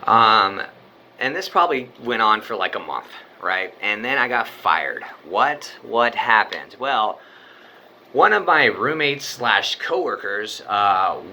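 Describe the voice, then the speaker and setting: Bright, profane young man telling a story. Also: on the low side, sing-song, slow pace, slight background noise. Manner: rambling, profane, full of "like" and "you know". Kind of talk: casual spoken storytelling.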